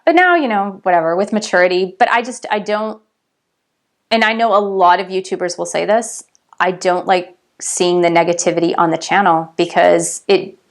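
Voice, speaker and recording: A woman who works as a spiritual coach, talking to her viewers in a casual vlog. She is chatty and animated and keeps addressing them directly. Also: lowish voice, vocal fry.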